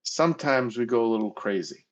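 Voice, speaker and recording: A man's voice: medium pitch, animated, fairly quick, dull audio. A man, a player in a tabletop game, talking in a wry, chatty way in character.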